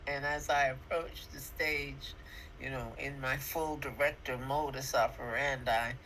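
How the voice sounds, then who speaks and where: A woman's voice: rumbling low, fairly even intonation, measured pace, a bit bright, a little hiss or hum, poor audio. A woman in her sixties co-hosting a podcast, chatting in a reflective, affirming way with emphatic turns. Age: 60s. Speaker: podcast co-host. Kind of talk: casual chat.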